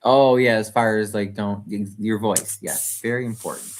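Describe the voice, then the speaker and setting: A man's voice: on the low side, fairly even intonation, normal speed. A man hosting his own channel, talking casually and earnestly, often circling back mid-sentence and answering viewers' comments as he goes. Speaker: channel host. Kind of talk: casual live-stream commentary.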